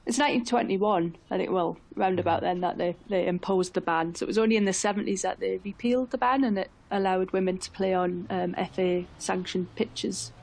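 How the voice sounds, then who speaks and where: A woman's voice: medium pitch, steady tone, brisk, few pauses, a little mellow. A woman who is a football pundit on a radio phone-in, explaining the history of the women's game in a chatty way. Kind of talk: radio studio discussion.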